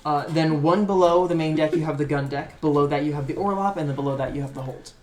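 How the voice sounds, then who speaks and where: A man running a tabletop game, casually explaining a ship's layout with many fillers and pauses. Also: fairly high pitch, darkish tone. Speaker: game master. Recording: echoey room, faint background noise.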